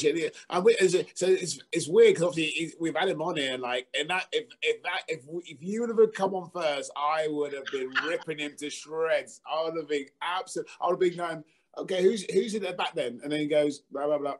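A man's voice: fairly high pitch, a little fast. A man co-hosting a podcast in casual chat, with eager, jokey remarks. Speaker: podcast co-host.

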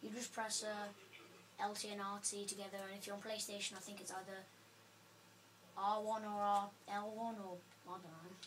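A woman's voice: medium pitch, little pitch movement, moderate pace, slight background noise, rough recording. A woman giving rambling, playful commentary over her gameplay, full of fillers like "um".

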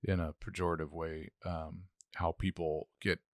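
A man's voice: sits low, flat delivery, normal speed, no room sound, clean studio sound. A middle-aged man co-hosting a casual talk, thinking aloud with many restarts. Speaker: podcast co-host, pastor. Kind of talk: casual conversation.

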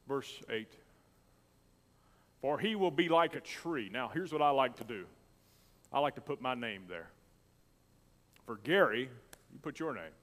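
A male pastor delivers a sermon with strong feeling, swelling into loud declarations and then dropping to almost a whisper. His voice sits at an ordinary middle pitch. A long reverb hangs on every phrase, as in a big church hall. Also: expressive, a little slow, pauses often. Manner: emotional, swinging from loud declaring to soft near-whispers.

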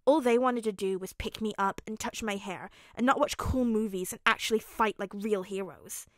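A woman voicing a de-aged little boy who is grumpy and bossy, in a gruff, scolding fanfic audiobook reading. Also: medium pitch, normal speed, a bit bright, no room sound, studio quality, close to an everyday voice.

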